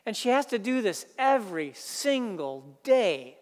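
A pastor preaching a sermon, earnest, building emphasis through repeated phrases. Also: male voice, high-pitched, big pitch swings, unhurried, in a large hall.

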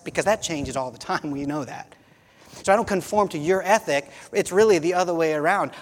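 A man's voice: fairly high pitch, brisk. A man preaching a sermon as a pastor, conversational, often restarting phrases and saying "you know.". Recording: long hall reverb.

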